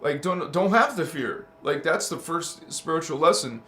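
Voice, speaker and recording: A man with a notably high voice hosts a casual spiritual livestream from an indoor room, chatty and emphatic. He calls his listeners honey and baby, laughs often and reads their chat aloud. The sound is roomy, with a clear echo around him. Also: animated, normal speed, sharp tone, slight background noise.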